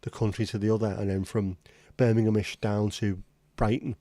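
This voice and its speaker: A man's voice: on the low side, flat delivery, moderate pace, mellow, dry recording. A man hosting a casual livestream chat, rambling and reading out viewer comments. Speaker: livestream host.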